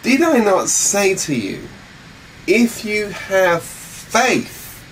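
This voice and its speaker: A man's voice: high-pitched, big pitch swings, drawn-out words, a bit bright, pitched above the performer's own voice, exaggerated voice, poor audio. A man voicing an exasperated yet tender rabbi who pleads and exclaims in a raised, earnest voice. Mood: pleading. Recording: faint hum, mic set back.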